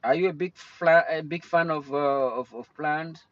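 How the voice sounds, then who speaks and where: With lo-fi sound, a young man in or near his car talks at a moderate pace in a fairly high voice while hosting a casual livestream. He rambles freely and interrupts himself to greet viewers in the chat.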